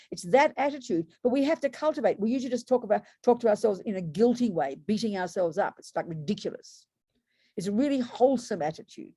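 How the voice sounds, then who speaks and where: Older nun in her 70s, teaching over a video call; warm-toned, frank, animated delivery. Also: medium pitch, fast, husky, no room sound, clean studio sound. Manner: frank, animated, acts out inner voices. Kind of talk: Buddhist teaching talk.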